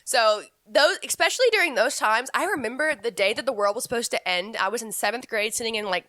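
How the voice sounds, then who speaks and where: A woman's voice: a little high, quick pace, sharp tone. A young woman in her twenties co-hosting a podcast, talking casually and frankly and laughing often. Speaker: podcast co-host.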